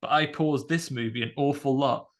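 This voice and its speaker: A man's voice: mid-range voice, moderate pace. A man hosting a podcast, chatting wryly in a loose, filler-heavy way. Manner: chatty, wry, many fillers. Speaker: podcast host. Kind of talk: casual chat.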